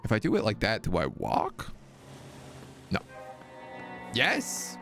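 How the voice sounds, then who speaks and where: A man's voice: on the low side, huge pitch swings, slow, vocal fry, pushed and bright, soft background music. A man streaming a story game, reading its dialogue aloud in a playful, dry way.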